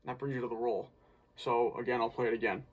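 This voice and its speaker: A man's voice: mid-range voice, flat delivery, fast, very noisy. A man casually breaking down a snare drum part as an instructor, thinking aloud with small restarts. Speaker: drumline instructor.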